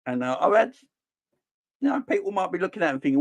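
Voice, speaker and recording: A man's voice: high voice, fast. A young man hosting a fan livestream in casual, jokey, blunt chat. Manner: animated, jokey, blunt slang. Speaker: fan channel host.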